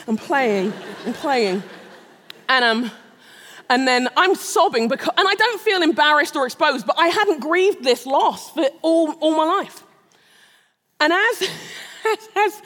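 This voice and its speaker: High-voiced woman preaching in a hall. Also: fairly bright tone. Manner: humorous, self-mocking storytelling, often laughing. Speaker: speaker at a Christian gathering. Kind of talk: sermon with personal story. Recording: long reverb of a large hall.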